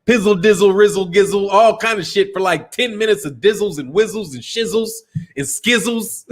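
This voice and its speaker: A middle-aged man from Chicago runs a boxing live stream with a high-pitched voice. He talks loose and slangy and laughs often. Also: lively intonation, normal speed. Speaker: boxing channel host. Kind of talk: casual live stream chat.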